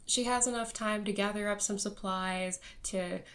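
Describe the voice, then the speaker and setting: A woman's voice: mid-range voice, steady tone, moderate pace, a bit bright. A young woman reviewing a book in casual, rambling chat, laughing often and filling her talk with fillers.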